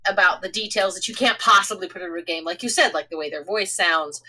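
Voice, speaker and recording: A woman's voice: fairly low pitch, fast talker, sharp tone, a little hiss or hum. A woman co-hosting a casual podcast about role-play gaming, speaking emphatically and backing up her points. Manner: emphatic, agreeing. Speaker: podcast co-host.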